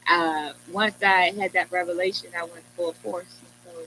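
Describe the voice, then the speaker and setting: A woman recounts a story in an animated, conversational way, her voice bright and forward. She slips into the voices of the people she quotes as she goes. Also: on the low side, normal speed, a little hiss or hum, rough recording. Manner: animated, quotes others in lively retelling. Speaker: guest, writer.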